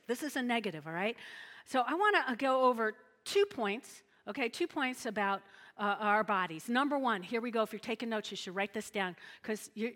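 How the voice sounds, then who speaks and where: Bright-voiced woman preaching in a reverberant hall. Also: on the high side. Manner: animated, chatty preaching with frequent "okay?" check-ins. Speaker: pastor. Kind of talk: sermon.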